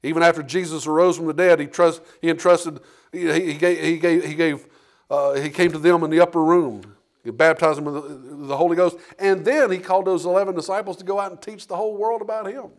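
A man's voice: a little high, steady tone, fairly quick. Man preaching with rhetorical questions. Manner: rhetorical questions, acted-out dialogue, repeats words. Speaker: pastor. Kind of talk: sermon. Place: church sanctuary.

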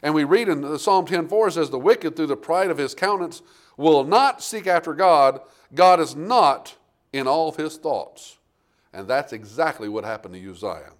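Man, preacher, sermon, fairly high-pitched, animated delivery, scripture reading, calls out "amen". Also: normal speed. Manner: animated preaching with big swings in loudness, asking the congregation "Amen?"; reads scripture in King James wording.

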